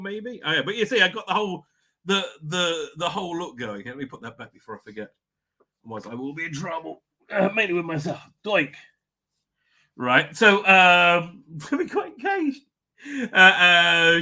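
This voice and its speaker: Chatty man, lively bright voice. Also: fairly high pitch. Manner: rambling, chatty, many fillers and restarts. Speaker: livestream host. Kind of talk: casual livestream chat. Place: home office.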